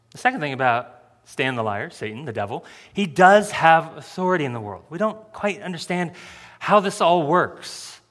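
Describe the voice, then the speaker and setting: A man's voice: a little high, fairly bright tone, big-room sound. A male pastor preaching a sermon in a joking, self-deprecating way, often laughing at his own remarks.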